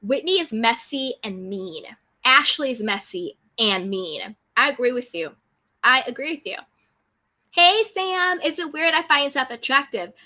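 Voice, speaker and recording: A woman's voice: high-pitched, animated, a little slow, bright, forceful tone. A woman hosting a casual live chat, reading viewer comments aloud and answering them. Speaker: YouTube recap host reading live chat.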